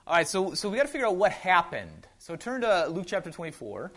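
A man's voice: high-pitched, wildly swooping pitch, fast talker, a bit bright. A man with a Wisconsin accent giving a casual sermon, chatty with joking asides and frequent restarts. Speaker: pastor.

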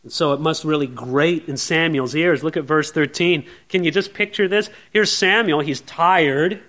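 A man's voice: a little high, normal speed, a bit bright. A male pastor preaching an earnest Bible sermon, asking rhetorical questions and calling listeners friends.

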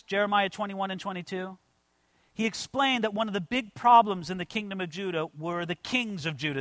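A man preaching a sermon. He calls his listeners "friends" and swings from quiet asides to loud, slowed-down declarations. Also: high voice, no echo. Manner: emphatic, addresses the congregation as "friends". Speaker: pastor.

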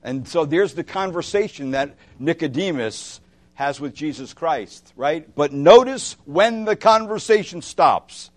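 A man preaching a sermon as pastor, impassioned, moving between loud emphatic lines and hushed ones, asking his listeners direct questions. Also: fairly high pitch, expressive, unhurried.

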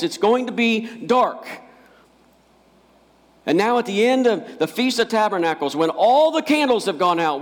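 A man's voice: high voice, big-room sound. A male pastor preaching a sermon, emphatic and repeating key phrases for weight.

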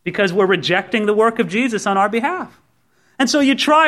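High-voiced male pastor preaching. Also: brisk. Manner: lively storytelling, acting out quoted voices; asks the listeners direct questions. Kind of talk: sermon.

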